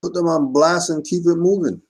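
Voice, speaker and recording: A man's voice: a little high, a little fast, darkish tone. A man co-hosting a casual talk show, chiming in with agreement and short laid-back remarks. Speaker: podcast co-host. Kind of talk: casual chat.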